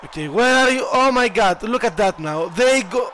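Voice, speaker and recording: Excitable high-voiced young man gaming. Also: moderate pace, faint music behind, some chatter behind. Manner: excitable, swears and shouts at his troops, laughs at himself. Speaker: gaming YouTuber. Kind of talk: casual gameplay commentary.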